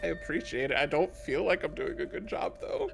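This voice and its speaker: A man's voice: a little high, a little fast, gravelly, over music. A man playing a tabletop game, improvising in character in a whiny, rambling, flustered way. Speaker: player.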